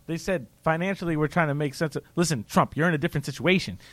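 A man in casual political chat, animated and ranting, often mocking other people's voices. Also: on the high side, fast, dry recording.

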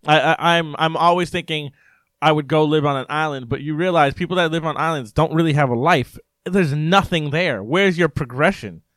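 Brief: young male co-host, slightly higher voice, playful and riffing, dry close recording. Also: moderate pace, a bit bright, no room sound. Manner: jokey, breaks into silly impressions and sung bits. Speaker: podcast co-host. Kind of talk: casual political chat.

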